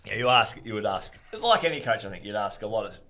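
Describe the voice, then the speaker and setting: An Australian man, a former pro footballer, telling animated stories with frequent laughter as a podcast guest. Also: on the low side, quick pace, slight background noise. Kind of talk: casual podcast storytelling.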